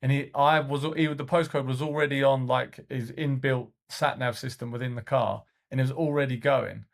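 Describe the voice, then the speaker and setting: Gravelly man, rambling chat. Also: medium pitch, steady tone, moderate pace. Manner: rambling storytelling with many fillers and restarts. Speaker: podcast co-host and youth football coach. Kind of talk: casual podcast chat.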